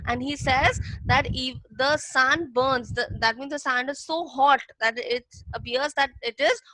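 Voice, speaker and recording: A woman's voice: high-pitched, measured pace, bright, forceful tone, dry recording, poor audio. A woman teacher explaining a lesson patiently, repeating key points for young students. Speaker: English teacher. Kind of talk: classroom reading lesson.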